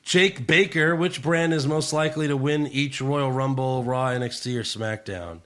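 A man hosts a loose podcast chat, swearing freely and reading out listener questions with a joke ready. His voice is bright and forward, at an ordinary pitch. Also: normal speed. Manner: joking, profane, reads listener questions. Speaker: podcast host. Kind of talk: casual chat.

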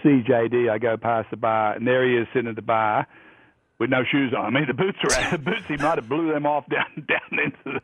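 A profane, animated storyteller from Australia, a man in his fifties. His voice is husky and dry, heard through a tinny phone line. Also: medium pitch, a little fast, no room sound. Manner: profane, animated yarn-spinning. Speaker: guest golfer. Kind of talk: storytelling anecdotes.

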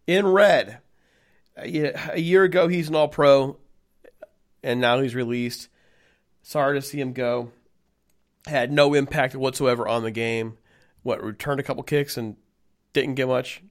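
A man co-hosting a sports podcast, talking in an animated, casual way and laughing easily. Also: mid-range voice, unhurried, long pauses. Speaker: podcast co-host.

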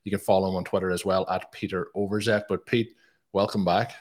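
A man's voice: low voice, level tone, a little fast. A man from Ireland hosting a podcast in casual chat, upbeat, with frequent fillers and restarts. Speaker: podcast host.

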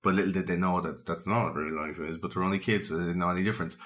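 A man's voice: deep voice, rapid-fire, a loud crowd. A man co-hosting a podcast, chatting casually and animatedly, acting out quotes as he tells stories. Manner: animated storyteller, acts out quotes. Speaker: podcast co-host. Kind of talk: casual chat.

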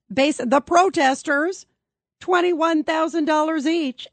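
Talk radio host, woman, high voice, emphatic and indignant, dry booth sound. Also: no echo. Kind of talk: talk radio, taking calls.

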